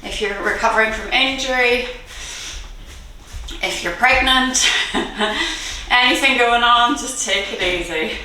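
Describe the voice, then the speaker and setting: A woman fitness instructor coaching a workout, slightly high and bright in tone, speaking at an unhurried pace. She cheers people on, counts down reps and laughs easily. Her voice rings around a very echoey room, picked up from a distance. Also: a little hiss or hum. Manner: encouraging, counts reps aloud, laughs often. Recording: very echoey room, mic far off.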